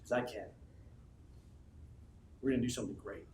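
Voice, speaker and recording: A man giving a motivational speech to his team, emphatic and swinging from low, intimate lines to loud, shouted questions he keeps repeating. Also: fairly even intonation, moderate pace, slight background noise. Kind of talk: motivational speech to a live audience. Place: large office room with an audience. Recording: echoey room from a distance with faint ambience.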